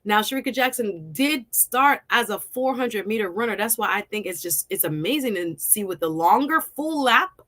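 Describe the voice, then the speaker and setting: Bright, animated woman track fan. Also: medium pitch, moderate pace, hardly any pauses. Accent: Jamaican. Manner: animated, laughing, shouts in excitement. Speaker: sports commentary vlogger. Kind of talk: excited casual commentary.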